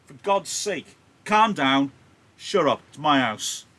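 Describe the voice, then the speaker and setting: Man putting on a loud, bossy older host, high strained shouting, bright and sharp. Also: fairly even intonation, measured pace. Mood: angry scolding. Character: angry older male party host scolding a hothead.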